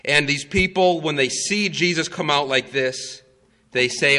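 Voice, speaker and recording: A male preacher retelling a story in a sermon, dramatic and emphatic with long pauses. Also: on the high side, bright, forceful tone, in a large hall.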